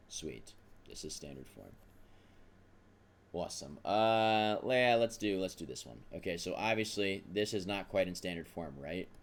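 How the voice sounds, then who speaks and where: A man teaching a math lesson, talking through the steps aloud in a casual, self-deprecating way. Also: low-pitched. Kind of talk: recorded math lesson at a whiteboard.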